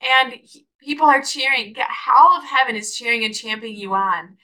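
A young woman hosts her own podcast and gives an encouraging, faith-based pep talk. Her voice sits a little high with a bright, forceful edge. She speaks with eager enthusiasm that keeps swelling into exclamations. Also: normal speed, poor audio. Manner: enthusiastic, preachy, rising to exclamations. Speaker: podcast host.

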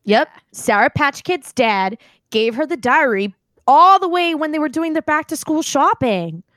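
A woman's voice: high-pitched, lively intonation, measured pace, fairly bright tone, no room sound, clean studio sound. A woman co-hosting a podcast in casual chat, joking and laughing often. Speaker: podcast co-host.

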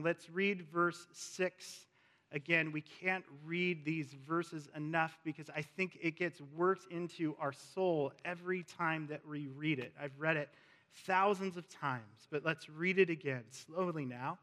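A male pastor preaching a sermon in a church, slow and emphatic, repeating key words for weight. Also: a little high, steady tone, a bit bright. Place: church sanctuary with a screen. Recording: long reverb of a large hall.

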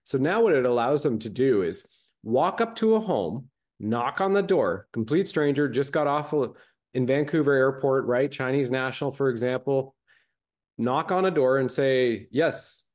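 Canadian guy hosting, ranting fast and intense, regular mid voice. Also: medium pitch, expressive, darkish tone. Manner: intense, rapid-fire ranting. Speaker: host. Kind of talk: casual chat.

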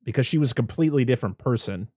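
A man's voice: medium pitch, lively intonation, racing, dark tone, husky, dry recording, studio quality. A man in casual conversation about a movie, rambling, with many restarts and acted-out quotes.

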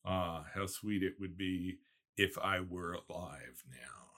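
A man reading as a soft-spoken ghost woman. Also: low voice, takes it slowly, exaggerated voice. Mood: tender. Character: dead woman's ghost, a lost first love, tender and eerie.

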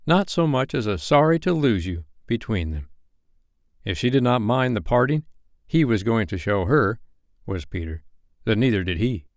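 A man reading a bedtime story aloud, his voice moving widely and expressively. His narration is gently wry, and the sound is close and dry. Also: mid-range voice, very animated, normal speed, dry recording.

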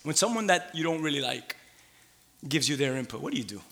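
A man in his thirties delivers a sermon, voice sitting a little high and ringing bright and forceful. He pulls the congregation into call-and-response, jumping from near-shouts to quiet asides. The sound carries a long reverb from the church hall. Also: a little fast, gravelly. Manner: animated call-and-response preaching, swings from shouts to hushed asides. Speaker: pastor. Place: church sanctuary.

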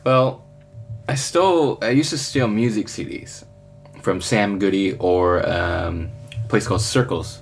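A man who is a guest on a casual podcast, relaxed and laughing often, mostly giving short replies. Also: fairly low pitch, a little slow, faint music behind. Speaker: podcast guest, band member. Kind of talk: casual chat.

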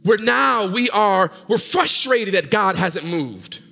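A male pastor preaching a sermon, swinging from loud sung peaks down to low murmurs in call-and-response style. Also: expressive, slow pace, creaky. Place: church sanctuary. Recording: long hall reverb with faint music.

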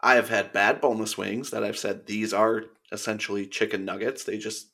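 Casual male podcast guest, gravelly voice, flat emphatic refusals. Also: on the low side, normal speed. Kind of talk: casual chat.

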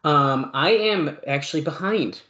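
A man's voice: on the high side, expressive, measured pace, bright, forceful tone, highs cut off. A man co-hosting a casual wrestling podcast, rambling along with lots of fillers. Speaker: podcast co-host.

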